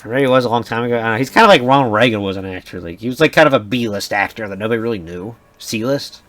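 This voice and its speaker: A man's voice: on the low side, fast, fairly bright tone. A young man chatting casually as a podcast co-host, rambling and going off on tangents, often restarting and swearing. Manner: rambling, sidetracked storytelling with frequent restarts and swearing. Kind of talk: casual chat.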